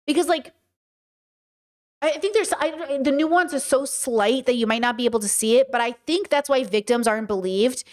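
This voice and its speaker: A woman talks through a commentary video in a loose, frank way. She pauses to restart her thoughts and often asks her listeners whether they follow. Her voice sits a little high. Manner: frank, conversational, restarts and rhetorical questions. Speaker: commentary host. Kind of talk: casual commentary reacting to a clip.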